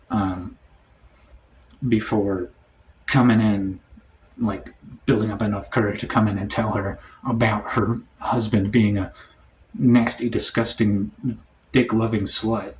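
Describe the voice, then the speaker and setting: A man telling a comic story in a rambling, deadpan way, full of "like" and "um". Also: on the low side, slight background noise. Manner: rambling, heavy on "like" and "um". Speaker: storytime comedian. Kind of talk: comedic storytime monologue.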